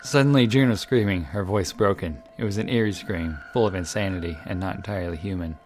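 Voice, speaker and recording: A man reads the text of a story game aloud, dramatic and measured, stumbling now and then. His voice sits low. Faint music plays behind him. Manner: measured, dramatic narration with occasional slips. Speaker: game reader. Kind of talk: dramatic reading of a visual novel.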